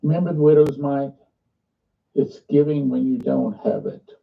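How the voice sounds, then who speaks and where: Man, ministry leader, earnest fundraising appeal, halting delivery, distant mic, dull sound. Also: mid-range voice, steady tone, gravelly. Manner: earnest, halting, restarts often. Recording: muffled, distant played-back clip.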